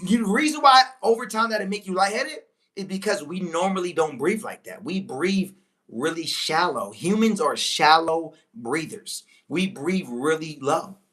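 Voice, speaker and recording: A woman giving a motivational talk to viewers, preachy and emphatic, repeating key lines, slowing on big points and breaking into excited exclamations. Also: low voice. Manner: slows right down on key phrases. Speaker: motivational speaker. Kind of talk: live-stream motivational talk.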